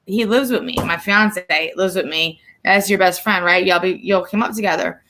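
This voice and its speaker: A young woman co-hosting a couple's livestream, telling stories in a blunt, profane, animated way. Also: fairly low pitch, normal speed, slight background noise. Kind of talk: casual chat.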